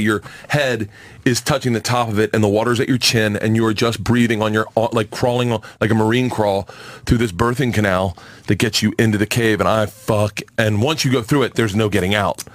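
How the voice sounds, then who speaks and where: Fast-talking, excitable comedian man. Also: on the low side, no echo. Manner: excitable, profane, acts out quotes. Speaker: comedian guest. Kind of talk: animated storytelling in studio chat. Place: radio studio.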